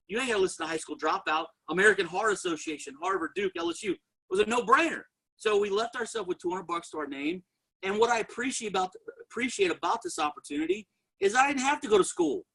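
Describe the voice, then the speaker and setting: Energetic male sales presenter, high husky voice, tells his story straight to the crowd. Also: low-quality recording. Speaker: network marketing presenter. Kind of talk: motivational sales testimony.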